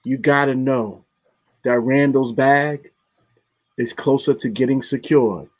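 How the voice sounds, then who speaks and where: A man's voice: medium pitch, fairly even intonation, slow pace, a little mellow. A man co-hosts a sports podcast and talks in casual chat. He is earnest and lays out his argument step by step.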